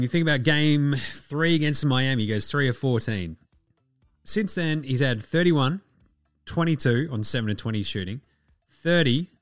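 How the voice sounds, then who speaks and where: Opinionated and profane, this man hosts a sports podcast and delivers a blunt, casual rant. His voice sits at medium pitch, captured in a dry, clean studio recording.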